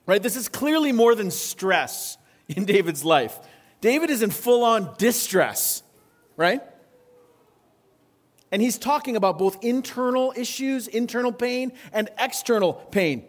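High-voiced man preaching conversationally. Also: animated, a little slow. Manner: conversational, asks the congregation frequent questions. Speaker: pastor. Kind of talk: sermon.

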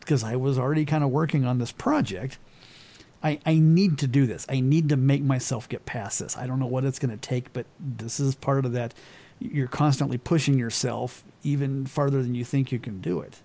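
A man co-hosting a podcast, telling a personal story candidly and dropping quieter at the serious parts. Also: medium pitch, fairly quick, creaky. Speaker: podcast co-host. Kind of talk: casual podcast chat.

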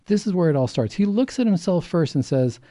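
A male doctor co-hosting a faith talk program explains his points earnestly and acts out the voices he quotes. His voice is very dark and mellow. The sound is dry and close. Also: sits high, lively intonation, brisk, no echo. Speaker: doctor and co-host. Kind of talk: faith talk show discussion.

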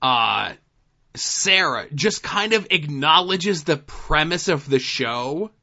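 A man's voice: a little high, animated, takes it slowly, sharp tone, highs cut off. A man co-hosting a casual podcast, recapping TV episodes in a laid-back, dry way with plenty of fillers. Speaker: podcast co-host.

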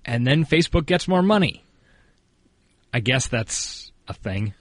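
A man's voice: medium pitch, big pitch swings, measured pace, no echo. A man co-hosting a podcast in casual chat, dropping dry, teasing quips. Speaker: podcast co-host.

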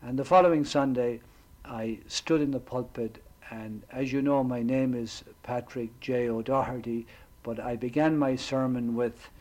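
A priest in middle age preaches at an unhurried, deliberate pace, his voice pitched in an ordinary middle register. He tells his story reflectively, pausing often between phrases. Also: steady tone, a little mellow, rough recording. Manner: measured, reflective storytelling with pauses. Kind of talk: storytelling sermon.

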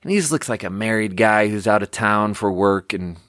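A man's voice: fairly low pitch, a little fast, fairly bright tone, no room sound, clean studio sound. A young man hosting a podcast, telling a story in a rambling, self-deprecating way full of fillers and restarts. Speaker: podcast host. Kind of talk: casual storytelling monologue.

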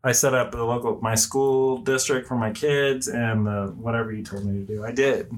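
A man co-hosting a podcast from home, chatting in a relaxed, rambling way that trails off into fillers. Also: mid-range voice, moderate pace. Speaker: podcast co-host. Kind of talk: casual chat.

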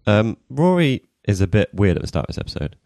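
Deep-voiced man, lively and animated. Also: fast, vocal fry, no room sound, studio quality. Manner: swearing, animated retelling of scenes. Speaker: podcast co-host. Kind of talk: casual chat.

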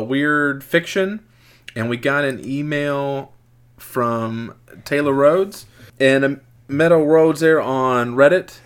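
Guy hosting a podcast, rambly and excitable, keeps restarting his sentences, middle pitch. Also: smooth. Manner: rambling, self-correcting, excitable. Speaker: podcast host. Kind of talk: casual podcast chat.

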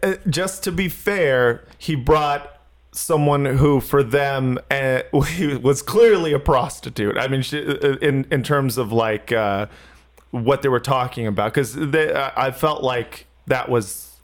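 A man in casual podcast chat, speaking haltingly with many fillers and restarts. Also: mid-range voice.

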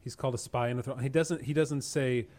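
A man co-hosting a book podcast, explaining passages in a relaxed way and checking in with "right?". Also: medium pitch, quick pace. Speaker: podcast co-host. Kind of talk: casual book discussion.

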